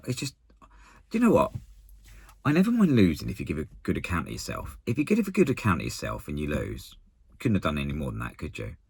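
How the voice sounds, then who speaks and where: Husky low-voiced man ranting. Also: wildly swooping pitch, darkish tone, no echo. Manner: exasperated, halting, restarts sentences, blunt slang. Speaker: football fan channel contributor. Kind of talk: casual post-match rant to camera.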